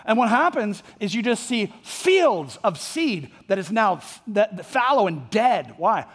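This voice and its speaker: A pastor from Orlando delivers a sermon in a high, light man's voice. He keeps it conversational, full of little fillers and "right?" check-ins. His words ring out with a long reverb from the church hall. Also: sing-song, measured pace, fairly bright tone, breathy edge. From Orlando, Florida, USA. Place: church sanctuary.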